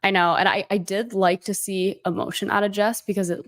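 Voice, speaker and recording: A young woman chats through a reality show recap in an animated, easygoing way, reacting to the live chat as she goes. Her voice is of an ordinary pitch. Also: a little fast. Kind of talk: casual chat.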